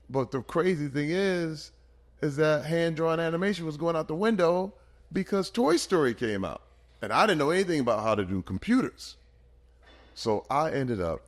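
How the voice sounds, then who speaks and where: A man in his fifties from Michigan, a podcast guest telling his life story in an earnest, animated way with big swings in energy. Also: a little high. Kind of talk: emotional personal storytelling.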